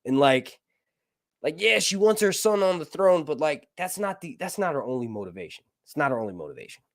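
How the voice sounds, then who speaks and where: Male live-stream reviewer with a bouncy, animated delivery, loose and jokey, recorded dry and close. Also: a little high, brisk, no room sound. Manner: rambling, crude jokes, frequent laughter. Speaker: livestream show reviewer. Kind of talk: casual live-stream chat.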